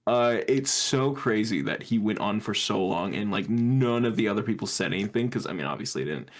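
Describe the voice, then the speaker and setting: A man's voice: fairly low pitch, animated, fairly quick. A man co-hosting a podcast in casual chat, cursing freely and riffing on jokes. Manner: profane, laughing, riffing on jokes. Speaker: podcast co-host.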